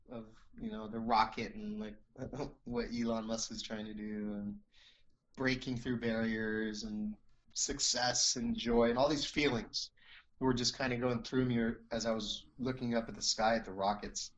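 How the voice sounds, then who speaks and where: A man's voice: mid-range voice, dull audio. A man telling a personal story as an interview guest, earnest and rambling, with many restarts and "you know"s.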